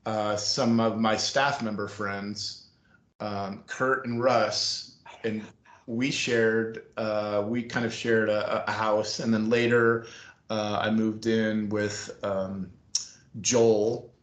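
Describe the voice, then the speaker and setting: A man's voice: on the low side, slow. Rambling storyteller man on a video call. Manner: rambling, animated storyteller acting out quoted voices. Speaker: interview guest, former school staff member. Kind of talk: casual storytelling interview. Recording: roomy video-call audio.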